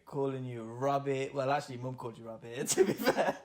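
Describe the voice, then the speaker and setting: A man in his twenties co-hosting a casual podcast with his sister, telling stories in an animated way, swearing and laughing often. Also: mid-range voice, fairly quick. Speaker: podcast co-host. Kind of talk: casual sibling chat.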